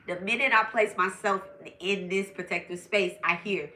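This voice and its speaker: A woman's voice: medium pitch, moderate pace, reverberant, rough recording. A young woman, a spiritual medium, chatting to her viewers as she tells a personal story. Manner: chatty, animated, addresses viewers directly.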